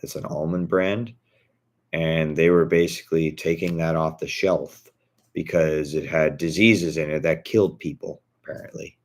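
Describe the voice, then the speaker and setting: Very deep-voiced man ranting bluntly. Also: fairly even intonation, normal speed. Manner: indignant, blunt, swears freely. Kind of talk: casual vlog rant.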